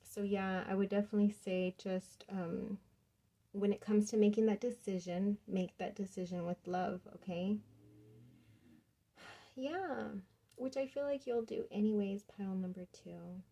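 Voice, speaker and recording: Woman, tarot reader, young adult, soft rambling speech, relaxed mellow voice. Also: mid-range voice, measured pace. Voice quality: soft, rambling, with many fillers. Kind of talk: casual tarot reading.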